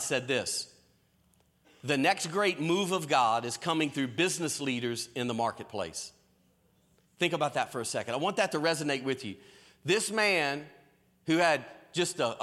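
A man preaching a sermon in a lively storytelling way, with folksy Southern phrasing. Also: a little high. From American South. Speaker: pastor. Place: church stage.

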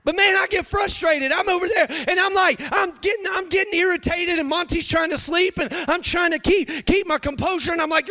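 A man in his thirties with a drawl preaches a confessional sermon. His voice sits very high and rings bright and forceful, swelling into loud, half-sung emphasis as he presses each point. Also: brisk. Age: 30s.

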